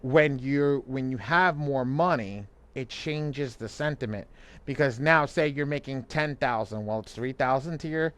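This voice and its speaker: A man's voice: mid-range voice, unhurried, a bit bright. A man co-hosting a live online money class, talking loosely with lots of restarts and easy laughter. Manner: loose and rambling, frequent restarts, laughs easily. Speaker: co-host and credit coach.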